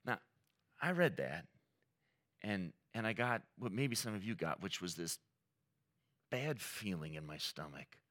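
A man's voice: low voice, big pitch swings, a little slow, pauses often, a bit bright. A man preaching a sermon as pastor, earnest and emphatic, mixing teaching with personal stories.

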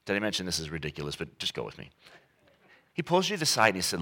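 A man preaching a sermon as pastor, talking conversationally with humor, slowing and stressing key words. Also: low voice, wildly swooping pitch, sharp tone. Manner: emphatic, with varied pace.

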